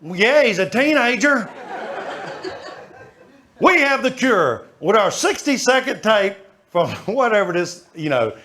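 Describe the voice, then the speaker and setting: A middle-aged man telling stories in a stand-up comedy set, animated and calling out to the audience. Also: high-pitched, slow, long pauses. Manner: animated, shouting asides to the audience. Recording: live show with faint crowd noise.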